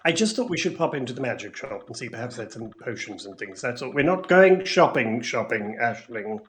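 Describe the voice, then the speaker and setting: A man's voice: medium pitch, expressive, a little fast, a bit bright. A man playing a tabletop role-playing game, speaking in character with hesitant, stammering restarts. A faint bed of noise sits behind his voice. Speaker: player.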